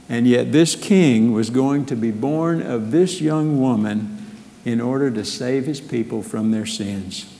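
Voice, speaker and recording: Slow, mellow-voiced male preacher in a hall. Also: medium pitch. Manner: earnest, measured preaching with rhetorical questions. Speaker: pastor. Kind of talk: sermon.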